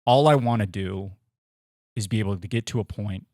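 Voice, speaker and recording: Earnest young man, low voice, dry sound. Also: moderate pace, mellow, no room sound. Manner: earnest, thinks aloud with many restarts. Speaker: sports commentator, podcast guest. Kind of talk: casual interview chat.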